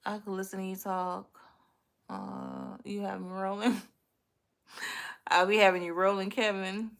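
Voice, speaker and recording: A young woman from Miami, Florida, hosts a livestream where she rants to viewers, profane, blunt and trash-talking, in a Southern US Miami accent. She takes it slowly in a medium-pitched, creaky, slightly bright voice with little pitch movement.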